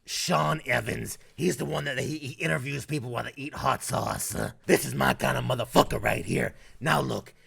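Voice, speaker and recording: YouTuber, man from North Carolina, Southern accent, raspy fry-heavy voice, crude casual commentary. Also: medium pitch, moderate pace, hardly any pauses, fairly bright tone. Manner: crude, profane and blunt.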